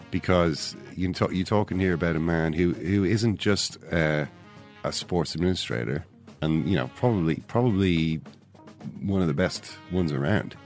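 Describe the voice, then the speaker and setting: An Irish man hosting a sports podcast, talking in a mock-solemn, deadpan way. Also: deep voice, unhurried, faint music behind. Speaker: podcast host. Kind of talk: deadpan mock-serious chat.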